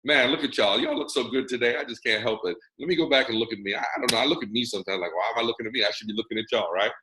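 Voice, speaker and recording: An American man hosting a network marketing mentoring call, talking in a lively, preacher-like way and teasing his audience over a video call. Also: medium pitch, rapid-fire, reverberant, background noise. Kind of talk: motivational talk on a video call.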